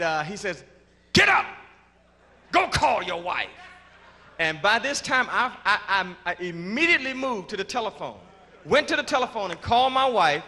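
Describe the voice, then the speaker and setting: A man giving his church testimony, halting and repeating words, then rising into shouts of praise. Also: high-pitched. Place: large church before a congregation. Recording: reverberant church hall with congregation.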